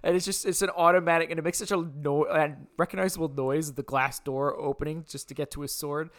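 A man's voice: on the high side, steady tone, fast, dry recording, clean studio sound. A man co-hosting a film review podcast in loose, amused casual chat. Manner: loose, amused, trails off into laughs. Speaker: podcast co-host.

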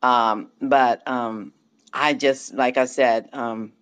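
A man with a mid-range voice joins a podcast discussion, hesitant and thinking out loud. He pauses often and fills the gaps with ums and uhs. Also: mid-range voice, steady tone, clear, resonant tone. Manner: hesitant, many fillers. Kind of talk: opinionated discussion.

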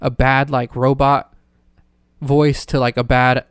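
A man's voice: medium pitch, level tone, slow pace, smooth, dry recording, clean studio sound. A young man hosting a solo podcast, rambling and self-deprecating with plenty of swearing. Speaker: podcast host. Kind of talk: casual solo podcast rant.

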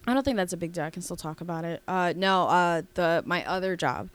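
A woman co-hosting a podcast, telling a story in a rambling, animated way with lots of fillers and restarts. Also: on the low side, brisk, smooth, no echo. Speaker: podcast co-host. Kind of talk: casual storytelling chat.

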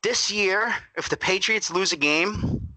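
A man co-hosting a sports podcast, talking in a gushing, excitable way and admitting he is worked up. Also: high-pitched, unhurried, no room sound, low-quality recording. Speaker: podcast co-host.

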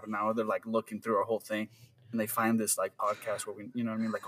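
A man's voice: mid-range voice, fast talker. A young man co-hosting a podcast, chatting loosely and rambling, with lots of "like" and "man". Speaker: podcast co-host. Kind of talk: casual chat.

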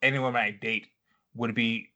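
A man's voice: mid-range voice, fairly even intonation, normal speed, sharp tone, muffled recording. A man co-hosting a casual podcast chat, recapping a TV episode in a laid-back way and swearing freely. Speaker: podcast co-host.

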